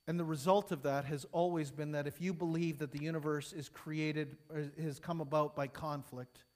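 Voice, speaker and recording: A man preaching a sermon to his congregation, rising to emphatic peaks and falling soft, then leading a prayer. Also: fairly high pitch, steady tone, normal speed. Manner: emphatic, building and falling in intensity.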